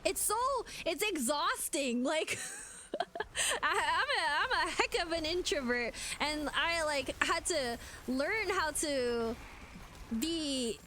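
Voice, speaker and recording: A young adult woman streaming as a VTuber, chatting casually in an animated way with lots of fillers. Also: high voice, takes it slowly, slight background noise. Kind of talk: casual live-stream rant.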